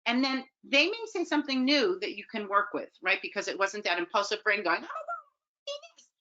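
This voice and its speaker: A woman giving an informal talk to parents, lively, acting out lines and often checking in with "okay?". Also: mid-range voice, fairly quick. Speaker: parenting educator. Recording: dull lo-fi audio.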